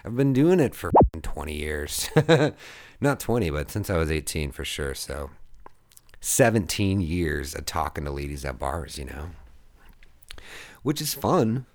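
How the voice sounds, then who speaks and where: A man's voice: very deep voice, big pitch swings, measured pace. A man in his thirties telling a long story in a casual monologue. He rambles, swears freely and laughs at his own jokes. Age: 30s. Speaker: podcast host.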